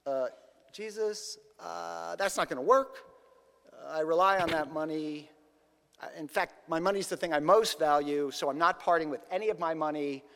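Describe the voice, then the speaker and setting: A man's voice: fairly high pitch, brisk, fairly bright tone, in a large hall. A man voicing a self-assured, impatient rich young man in a casual, dismissive way.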